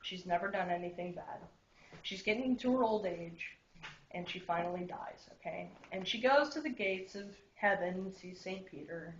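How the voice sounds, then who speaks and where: A woman's voice: lowish voice, moderate pace, slight background noise. A drunk woman telling crude jokes at a party, swearing with lots of fillers and laughing asides. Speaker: joke teller. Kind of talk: casual joke telling at a party. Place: indoor party. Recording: roomy, dull party recording.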